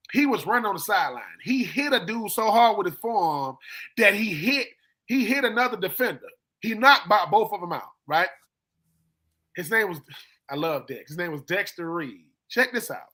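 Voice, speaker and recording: Man, high voice, bright tone, animated emphatic storytelling, casual sports talk. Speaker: co-host, former player. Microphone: live stream call.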